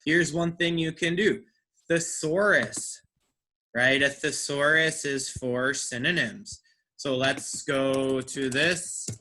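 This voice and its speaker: A man's voice: mid-range voice, slow pace, bright, forceful tone. A man teaching an English class, who checks understanding with frequent "right?" and repeats words to drill their stress.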